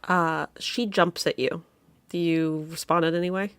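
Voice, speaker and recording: Gravelly-voiced woman game master. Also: on the low side, steady tone, measured pace, a bit bright, dry recording. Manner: casual, hesitant, lots of fillers. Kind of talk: narrating a tabletop game.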